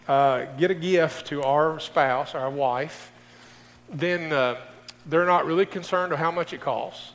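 A man's voice: fairly high pitch, fairly bright tone. A middle-aged male pastor preaching a folksy sermon, speaking directly to his congregation. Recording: distant voice in a reverberant hall.

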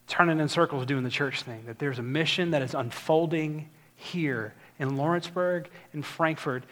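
A man's voice: fairly high pitch, fairly bright tone. A man preaching a sermon as pastor, earnest and building to emphatic exhortation.

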